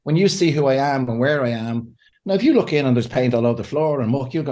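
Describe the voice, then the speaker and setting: A man, a pastor and counselor, talking as a podcast guest in a lively way, often laughing and acting out what people say. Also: medium pitch, fast. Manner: animated, laughs often, acts out quotes. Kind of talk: conversational podcast interview.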